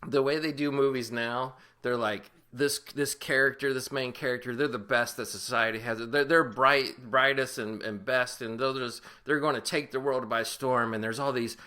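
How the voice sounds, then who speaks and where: Bright-voiced man ranting about movies. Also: medium pitch, fairly even intonation, normal speed, few pauses, smooth. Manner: profane, rambling, laughs often. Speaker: podcast co-host. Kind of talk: casual movie review chat.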